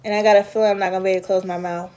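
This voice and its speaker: A woman's voice: medium pitch, flat delivery, racing, warm tone, muffled recording. A woman chatting casually with her viewers, rambling from story to story and answering their comments. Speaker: vlogger. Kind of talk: casual live chat with viewers.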